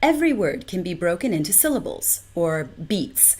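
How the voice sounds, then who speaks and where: A woman presents an online pronunciation lesson in a scripted, instructive tone. Her pitch rises and falls in a lively way as she stretches syllables slowly to show stress. She speaks clearly into a close microphone. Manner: clear, deliberate teaching delivery with exaggerated syllable stress. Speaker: communication trainer.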